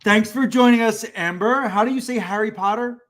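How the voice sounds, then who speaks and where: A man co-hosts a job-search livestream in a voice that sits high, with a fairly bright tone and a fairly quick pace. Casual and blunt, he describes himself as a band-aid ripper and tells people straight out what he thinks they need to hear.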